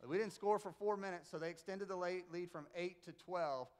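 Middle-aged male preacher with a high voice; chatty sermon, animated storytelling, punchy jokes. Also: a little fast, clean tone. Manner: animated storyteller, emphatic, jokey asides. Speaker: pastor and basketball coach. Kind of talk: conversational Easter sermon. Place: church sanctuary with congregation.

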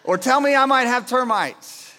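High bright-voiced pastor preaching in a hall. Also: male voice, moderate pace. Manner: animated, rising to emphatic outbursts. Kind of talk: sermon. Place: church sanctuary. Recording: long hall reverb.

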